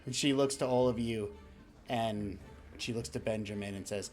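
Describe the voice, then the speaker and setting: A man's voice: lowish voice, normal speed, darkish tone, soft background music. Casual man narrating a tabletop game. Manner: casual, with fillers and restarts. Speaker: game master.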